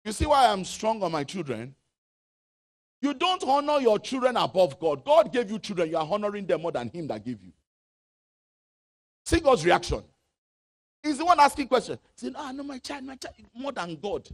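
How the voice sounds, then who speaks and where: Dramatic, high-pitched Nigerian-born preacher. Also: male voice, sing-song, normal speed, long pauses. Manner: preaching with dramatic swings from loud shouts to low asides; reads scripture aloud in a chanting, sung tone. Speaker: pastor. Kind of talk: sermon.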